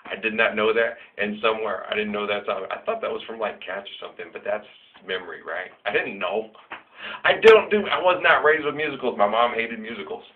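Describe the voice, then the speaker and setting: Man, lowish voice, rambling casual monologue, jokey, tinny phone-like sound. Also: animated, a little fast. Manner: rambling and jokey, laughs often.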